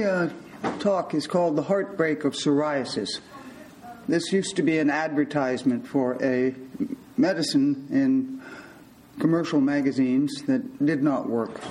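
An older man, a physician, telling a personal story from his hospital days in a measured, wry way. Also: a little high, a little mellow, a little hiss or hum, poor audio.

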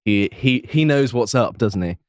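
A man's voice: medium pitch, animated, normal speed, darkish tone, no echo. A man co-hosting a podcast, talking in a dry, sarcastic, casual way. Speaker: podcast co-host.

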